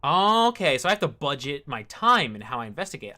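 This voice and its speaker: A woman's voice: low-pitched, big pitch swings, a little fast, pushed and bright. A woman streaming a narrative video game, reading its text aloud and chatting with casual, muttered asides.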